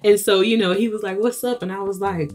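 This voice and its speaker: A young adult woman telling a casual storytime vlog, animated and gushing, breaking into giggles. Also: medium pitch, fast, faint music behind. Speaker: vlogger.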